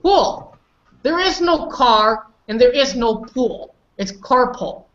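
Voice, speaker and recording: A woman's voice: on the high side, animated, unhurried, a bit bright, dull audio. A woman teaching English pronunciation, patiently correcting students and calling on them by name. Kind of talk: online pronunciation lesson.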